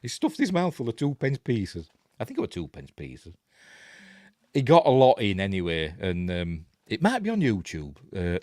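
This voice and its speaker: A man's voice: mid-range voice, darkish tone, no room sound. A middle-aged man with a Yorkshire accent hosting a rambling, chuckling film breakdown, going off on tangents as he talks. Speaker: film review host. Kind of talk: casual film commentary.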